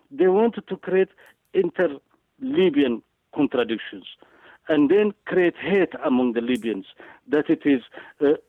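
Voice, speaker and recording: A man's voice: high voice, no room sound. Emphatic man over a tinny radio line. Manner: halting, repetitive, emphatic delivery with many fillers. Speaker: guest speaker. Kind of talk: political talk.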